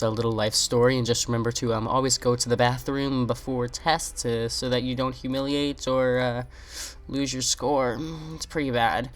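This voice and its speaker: A man's voice: mid-range voice, level tone, normal speed. Rambling teenage storyteller guy. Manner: rambling, stammering restarts. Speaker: vlogger. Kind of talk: comic storytelling.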